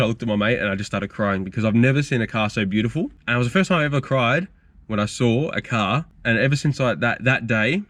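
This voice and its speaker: A young man, hosting a car channel and telling stories in a casual, rambling, frank Q&A vlog. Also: on the low side. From Australia. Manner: rambling, frank, storytelling with fillers.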